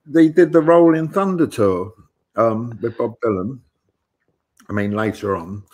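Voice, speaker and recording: A man's voice: mid-range voice, measured pace, darkish tone. A man, telling rambling anecdotes as a guest on an online interview show and acting out the lines he quotes. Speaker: guest musician.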